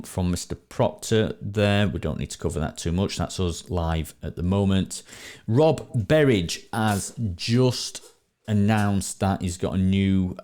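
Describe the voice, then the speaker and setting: A man's voice: sits low, darkish tone. A man hosting a casual live-stream chat, talking in a loose way with many restarts and repeated words. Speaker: podcast host. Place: at home.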